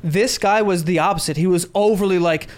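A man's voice: high voice, brisk. A man, co-hosting a podcast and telling a story in casual, swearing chat, acting out the voices of the people in it. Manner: animated, swearing, acts out voices in his stories. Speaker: podcast co-host.

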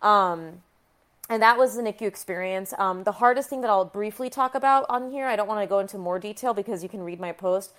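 A woman's voice: mid-range voice, a little fast, fairly bright tone. A woman physician, in her thirties, telling a personal story frankly and emotionally, often restarting her sentences. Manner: frank and emotional, with frequent restarts and some profanity.

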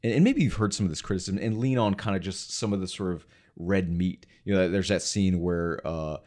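A man's voice: deep voice, brisk, darkish tone. A man in casual film talk, hesitant with many fillers and restarts, blunt and profane.

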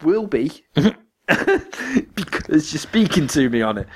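A man's voice: a little high, big pitch swings, slow, a little mellow, a little hiss or hum. A man co-hosting a podcast, telling anecdotes in casual chat and laughing along. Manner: laughs while telling stories. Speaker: podcast co-host.

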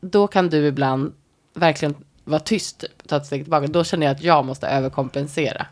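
Low-voiced woman in relaxed chat. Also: fast. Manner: relaxed, thoughtful, lots of hesitations and soft agreeing sounds. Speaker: podcast co-host. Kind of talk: casual chat.

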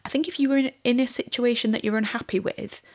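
A woman's voice: a little high, steady tone, quick pace. A young woman hosting a solo podcast, talking candidly and casually with plenty of fillers and swearing. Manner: candid, chatty, swears freely, many "like" fillers. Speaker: podcast host.

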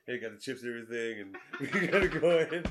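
Lively, laughing young man telling stories. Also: medium pitch, fast, very noisy. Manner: laughs often, lively storytelling with quoted voices. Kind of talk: casual chat among friends.

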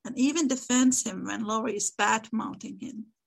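A woman's voice: a little high, normal speed, gravelly. A woman hosting a casual discussion about a classic novel, thoughtful and reading passages aloud. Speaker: podcast host.

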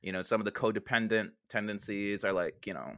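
Male co-host, very low voice, dry close studio sound, halting self-mocking banter. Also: steady tone, fairly bright tone, dry recording. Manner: halting, self-deprecating, full of restarts. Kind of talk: casual comedic podcast chat.

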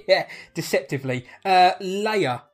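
A young man with a somewhat high voice chuckles through a casual chat and feeds his co-host quick prompts. Faint music plays under the talk. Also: lively intonation. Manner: laughs often, prompts with short quips. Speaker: podcast co-host.

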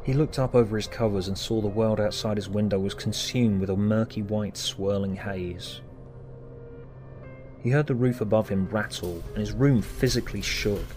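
Guy reading a creepy story slow and dramatic, lowish voice, music under it. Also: darkish tone. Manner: measured, dramatic. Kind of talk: scripted horror narration. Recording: narration over music.

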